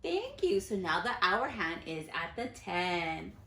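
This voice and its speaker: Lively woman teacher reading to a class. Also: lowish voice, creaky, echoey room. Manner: animated storyteller who pauses to quiz children. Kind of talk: reading a picture book aloud to a class.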